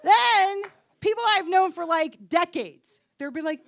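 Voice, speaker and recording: A woman's voice: high voice, big pitch swings, moderate pace, gravelly, hardly any pauses, a little hiss or hum. A woman in her late thirties performing a live stand-up set on a comedy festival stage, delivering punchlines in a wry, sarcastic way.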